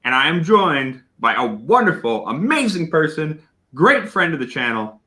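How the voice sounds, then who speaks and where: A man hosting a casual whiskey tasting livestream, talking loudly, greeting viewers and laughing often. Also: on the high side, moderate pace. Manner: loud and animated, laughs often. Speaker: host of a whiskey tasting stream.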